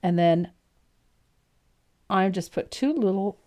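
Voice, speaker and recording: A woman's voice: mid-range voice, slow pace, darkish tone. A woman hosting a painting show, chatting enthusiastically and then talking through a brush demonstration. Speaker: painting teacher and host. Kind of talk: casual chat and painting demonstration.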